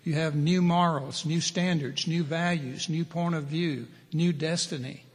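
A man's voice: on the high side, fairly even intonation, unhurried, breathy edge, big-room sound. A middle-aged man preaching a plain-spoken sermon to men, listing his points one by one. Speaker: preacher at a men's ministry.

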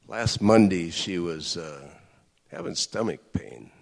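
A middle-aged man telling personal stories in an earnest, conversational sermon to a group of men, with lively outbursts. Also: low-pitched, slow pace, vocal fry. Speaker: speaker addressing men. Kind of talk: sermon-style personal storytelling. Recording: echoey hall with long reverb.

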